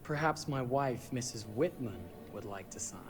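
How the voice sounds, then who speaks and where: An actor playing a polite, gently teasing young husband in video game dialogue. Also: male voice, mid-range voice, normal speed, faint music behind, lightly acted. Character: friendly, wry young husband on honeymoon.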